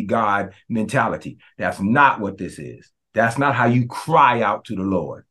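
A man, a pastor preaching a sermon, who prays in a hushed voice and then preaches with passion, often calling out to his congregation. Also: medium pitch, big pitch swings, normal speed, few pauses. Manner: impassioned preaching that turns to the congregation; hushed, prayerful delivery.

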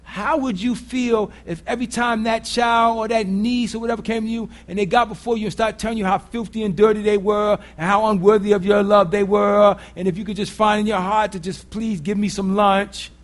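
High-pitched guy preaching, chatty and blunt, keeps asking the crowd questions. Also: fairly even intonation, brisk, few pauses. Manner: conversational preaching with rhetorical questions; blunt, earthy phrasing. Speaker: pastor. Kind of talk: sermon.

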